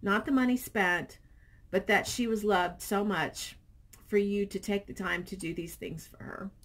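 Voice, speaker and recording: A middle-aged woman vlogging casually, chatting and reading viewer comments aloud in an animated storytelling way. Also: medium pitch, measured pace.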